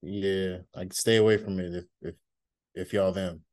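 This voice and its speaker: Low-voiced guy on a podcast, chill and chatty, dry close sound. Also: level tone, a little slow, darkish tone, no echo. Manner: laid-back, chatty. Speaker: podcast co-host. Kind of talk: casual chat.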